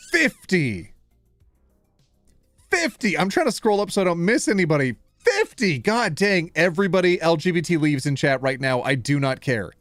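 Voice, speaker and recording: A man's voice: on the high side, dry recording. A man from Canada, a streamer in casual live-stream chat, bubbly and playful with a lot of laughter.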